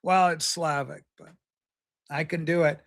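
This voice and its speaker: Livestream host, male, high and bright voice, rambling jokey chatter with viewers. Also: steady tone, unhurried, gravelly. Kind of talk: casual livestream chat reading viewer comments.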